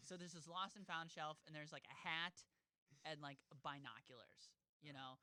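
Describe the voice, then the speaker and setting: A man's voice: moderate pace, pushed and bright, clear, resonant tone, no room sound. A young man hosting a podcast, telling a rambling story in a casual, swearing way. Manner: rambling, swears, jumps into high voices for quotes. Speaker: podcast host.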